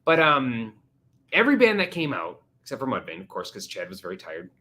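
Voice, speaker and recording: Male live-stream host, bright and lively, jokey, casual. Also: medium pitch, fast talker. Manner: jokey, animated, slips into silly voices. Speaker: livestream host.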